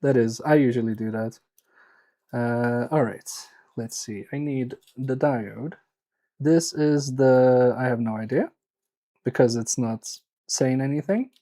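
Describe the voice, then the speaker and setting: A man's voice: medium pitch, slow, warm tone. A man chatting casually on a live stream while repairing electronics, joking and teasing his viewers in a self-mocking way.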